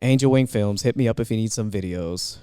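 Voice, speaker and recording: A man, co-hosting a podcast in casual chat, measured and unhurried with laughing asides. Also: lowish voice, mellow, smooth, no room sound, clean studio sound. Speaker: podcast co-host and bartender.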